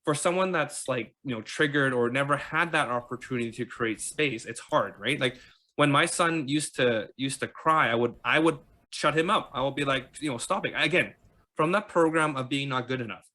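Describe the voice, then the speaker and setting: A man's voice: mid-range voice, normal speed, sharp tone. A Canadian man in his thirties talking casually as a podcast host, with lots of fillers and repeated words. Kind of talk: casual conversational chat.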